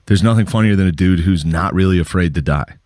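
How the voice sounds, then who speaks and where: A man in a casual podcast conversation, low-key and laid-back, quoting other people in a flat, deadpan way. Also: fast talker, no echo, studio quality.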